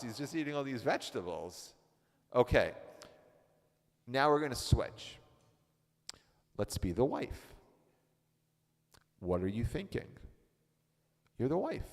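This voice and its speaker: A man's voice: mid-range voice, very animated, slow, pauses often. Playful man leading a text study. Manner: playful, chatty. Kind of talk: interactive teaching. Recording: reverberant hall.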